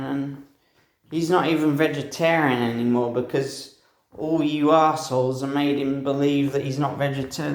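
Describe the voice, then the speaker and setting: Slow, profane man in an echoey room. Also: a little high, darkish tone. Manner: profane, meandering, laughs at himself. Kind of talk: rambling personal monologue. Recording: roomy echo.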